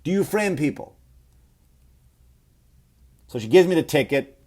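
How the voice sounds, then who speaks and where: A man's voice: a little high, lively intonation, unhurried, a little mellow. A man, hosting a comedy podcast and telling a story as a rant, full of swearing and acted-out quotes. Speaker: podcast host.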